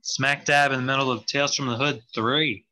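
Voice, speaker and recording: Bright, playful man hosting a comedy podcast. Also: mid-range voice, steady tone, moderate pace, a little hiss or hum. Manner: playful, giggly, full of ums and uhs. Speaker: podcast co-host. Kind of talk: casual comedy banter.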